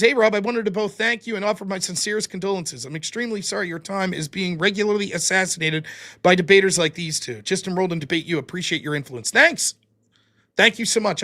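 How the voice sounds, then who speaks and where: A man's voice: high-pitched, bright, forceful tone. A man hosting a livestream, reading out donor names and amounts and answering them with dry quips. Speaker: streamer host reading donations. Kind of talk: casual livestream chat.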